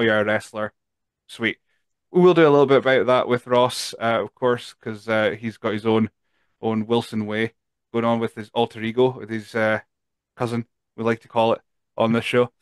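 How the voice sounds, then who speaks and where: A man's voice: medium pitch, clear, resonant tone, no room sound. A Scottish man hosting a podcast interview in a chatty, joking way. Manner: chatty, jokey, loose with restarts. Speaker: podcast host. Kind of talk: casual interview chat.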